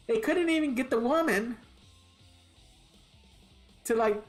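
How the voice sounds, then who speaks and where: A woman with a fairly high voice speaks slowly and pauses often, with faint music behind her. She's a livestreamer playing a fighting game, giving casual commentary full of blunt, profane rants that make her laugh at herself.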